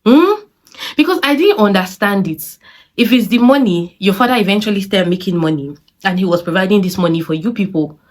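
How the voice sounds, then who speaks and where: A young Nigerian-accented woman giving her blunt take on a series. Her voice sits in a middle register as she scolds, questions and vents with lively exasperation, dropping Pidgin phrases along the way. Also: medium pitch, brisk. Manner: animated, exasperated rhetorical questions. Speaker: series reviewer. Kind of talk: casual opinionated review.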